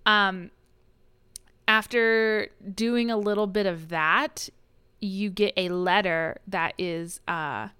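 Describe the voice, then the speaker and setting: A woman's voice: medium pitch, slow pace, sharp tone, clean tone, dry recording, clean studio sound. A woman co-hosting a podcast, recapping a book plot in chatty, laughing, irreverent casual talk. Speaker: podcast co-host. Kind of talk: casual book-discussion chat.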